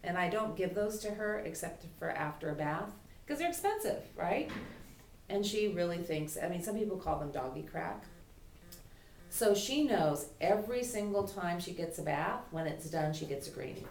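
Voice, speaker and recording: A woman's voice: fairly low pitch, animated, moderate pace, a little mellow. A woman dog trainer teaching a puppy class in a chatty way, voicing the dog's thoughts. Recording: echoey room from far off, faint noise.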